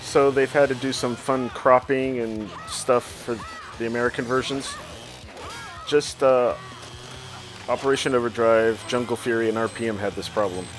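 A man's voice: mid-range voice, steady tone, normal speed. Male reviewer, easygoing and digressive, faint music underneath. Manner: chatty, digressive, trivia-filled. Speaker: show reviewer. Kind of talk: casual watch-along commentary.

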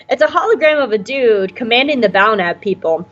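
A woman's voice: a little high, expressive, fairly quick, hardly any pauses, dull audio. A woman with a Southern US accent, casually recapping a show as a podcast co-host with jokes and funny voices. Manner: chatty, jokey, tries funny voices.

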